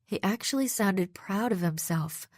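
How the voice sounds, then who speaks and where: A woman reading a first-person audiobook narration in a steady, even storytelling manner, close to the microphone. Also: medium pitch, a little slow, no echo. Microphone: close studio microphone.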